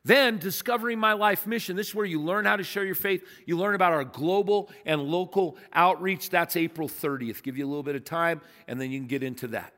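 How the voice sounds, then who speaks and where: A man's voice: sits high, brisk, hardly any pauses, fairly bright tone, big-room sound. A man preaching a sermon as pastor, emphatic and conversational, telling stories to his congregation. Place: church sanctuary.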